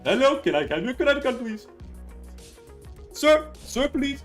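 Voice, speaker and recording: A man's voice: very high-pitched, big pitch swings, unhurried, faint music behind, voice pushed up, full character voice. A man voicing a pushy male phone scammer in a put-on Indian accent, pleading and insistent. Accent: put-on Indian accent impression. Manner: pleading, insistent, repeating himself.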